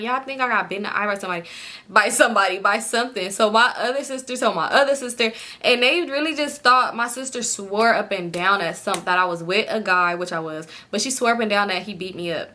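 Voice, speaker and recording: A woman's voice: on the high side, sharp tone. A woman vlogger telling a casual, profane story to her viewers, filling her speech with "like" and calling them "y'all". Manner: chatty, profane, fills speech with "like".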